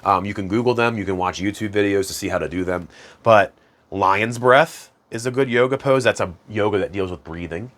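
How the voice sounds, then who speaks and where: A man with a fairly low voice who talks a little fast hosts a self-improvement channel, casually walking through practices as if chatting with a friend. He chuckles at himself now and then, and his chants come out as soft hums.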